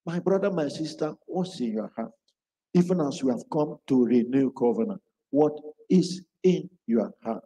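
A man's voice: mid-range voice, expressive, moderate pace, dark tone. Man preaching in a reverberant hall. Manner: acts out quoted speech in his stories. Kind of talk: storytelling sermon.

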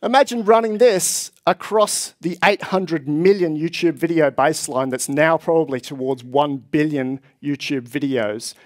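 A man presents at a tech conference with a slightly high voice. He explains figures eagerly and speaks to a live audience from the stage. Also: a little slow, hardly any pauses.

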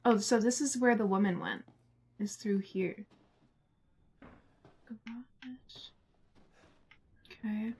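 A young woman streaming a horror game live, excitable, swearing and laughing often. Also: medium pitch, normal speed, breathy edge. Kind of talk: live gameplay commentary.

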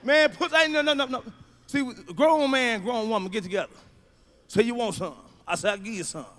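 A male stand-up comedian, delivering a profane routine with shouted punchlines. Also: extremely high pitch, quick pace.

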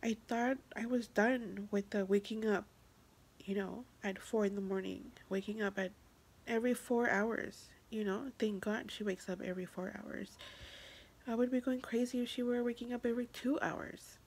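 Tearful and husky, this young woman speaks in a medium, darkish, steady-toned voice in a confessional vlog. She halts, repeats herself, and frequently drops to a whisper.

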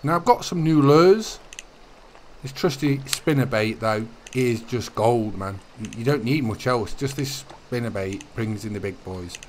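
A man's voice: medium pitch, unhurried, slight background noise. Chatty man narrating gameplay. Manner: chatty, relaxed, gives tips. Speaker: gaming YouTuber. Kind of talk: casual gameplay commentary.

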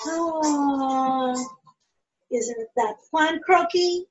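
Very high, slow sing-song woman teacher. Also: breathy edge, dull audio. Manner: bright, sing-song, exaggerated. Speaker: preschool teacher. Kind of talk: playful lesson for young children.

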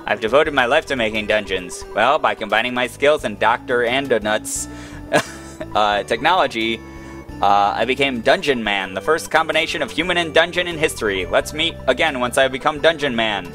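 A man's voice: mid-range voice, animated, normal speed, bright, forceful tone, faint music behind. An earnest, proud dungeon builder boasting about his life's work, as a man reads him out in his own easy voice. The delivery stays close to an everyday gamer reading on-screen text. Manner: reading game dialogue aloud.

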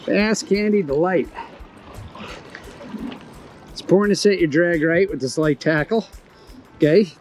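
Excitable high-voiced man fishing from a boat. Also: unhurried, pauses often, soft background music, rough recording. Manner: enthusiastic, exclaiming, instructive. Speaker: fishing video host. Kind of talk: excited on-the-water fishing commentary. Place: small boat on open water, outdoors.

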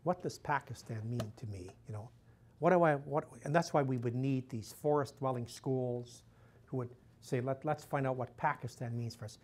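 A man's voice: mid-range voice, normal speed, darkish tone. A man, a missionary priest, giving a conversational talk to a live audience, telling stories and often saying "you know". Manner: chatty, storytelling, acts out quoted dialogue in a raised voice, frequent "you know".

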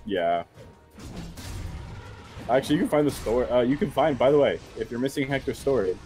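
A man guesting on a video game show, chatting in a relaxed, wry way and sharing trivia. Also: mid-range voice, fairly quick. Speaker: guest co-commentator. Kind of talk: casual gameplay chat. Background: faint game music.

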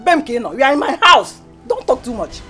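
A woman's voice: high voice, sing-song, normal speed, bright, forceful tone, soft background music, exaggerated voice. A woman with a Nigerian accent playing a dismissive woman who scolds an intruder out of her house. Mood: scolding. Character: sharp-tongued woman defending her home.

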